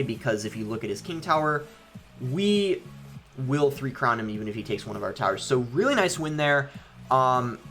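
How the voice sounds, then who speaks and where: A man's voice: mid-range voice, fairly bright tone. A young man casually commenting on his own gameplay as he plays, thinking aloud with frequent ums. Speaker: gaming YouTuber.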